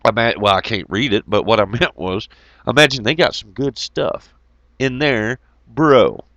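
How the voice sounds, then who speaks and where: A man's voice: medium pitch, normal speed, no room sound, highs cut off. A man rambling through a casual monologue, swearing freely and laughing as he tells stories. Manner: profane, laughing, animated storytelling.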